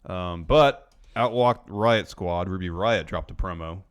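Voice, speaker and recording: A man's voice: sits low, measured pace, clear, resonant tone. A man co-hosting a wrestling podcast in casual chat, recapping the show's events in order in a matter-of-fact way. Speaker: podcast co-host.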